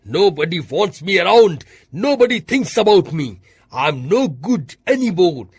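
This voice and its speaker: Woman putting on a gravelly old wombat. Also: sing-song, a little slow, no echo, studio quality, full character voice. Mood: miserable. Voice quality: gravelly, raspy, low. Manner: moaning, self-pitying lament. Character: old blind sick male wombat, forlorn. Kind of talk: storybook reading.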